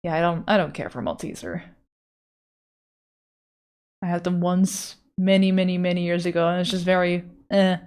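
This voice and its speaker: A woman's voice: on the low side, fairly even intonation, normal speed, long pauses, darkish tone, smooth. A woman art streamer chatting casually with her chat, loose and profane as she answers messages.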